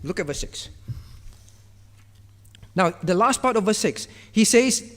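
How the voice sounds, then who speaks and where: In church, a pastor preaches a sermon in an emphatic, repetitive manner, stressing key words and voicing divine commands in a firm tone. His voice sits high and a bit bright, animated but a little slow with long pauses, in a big-room sound.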